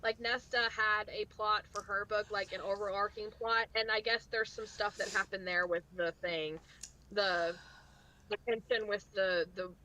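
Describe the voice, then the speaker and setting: Bright-voiced woman chatting about books. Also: medium pitch, steady tone, moderate pace, a little hiss or hum, low-quality recording. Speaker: book channel co-host. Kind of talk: casual book chat.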